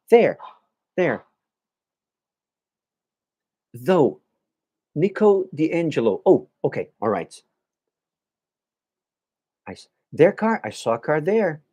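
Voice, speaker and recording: A man teaching an English class live, answering viewers' questions by name and sounding words out slowly. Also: a little high, dark tone, husky. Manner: models pronunciation of words slowly. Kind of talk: live-streamed language lesson.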